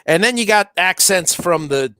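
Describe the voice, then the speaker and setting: Rambling high-voiced male streamer. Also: animated, moderate pace, sharp tone, a little hiss or hum. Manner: rambling, many restarts and fillers. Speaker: livestream host. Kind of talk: casual chat while soldering on a livestream.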